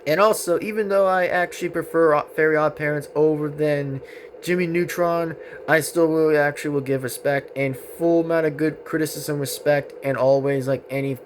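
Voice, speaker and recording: A man's voice: a little high, steady tone, moderate pace, slight background noise. A young man giving a rambling, earnest tribute monologue on his channel, repeating himself often. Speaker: vlogger.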